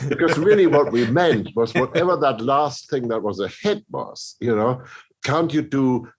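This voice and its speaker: Husky, animated composer talking shop. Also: male voice, mid-range voice, moderate pace. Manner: animated storyteller, many restarts, acts out others' reactions. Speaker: film composer, guest. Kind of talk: conversational podcast interview.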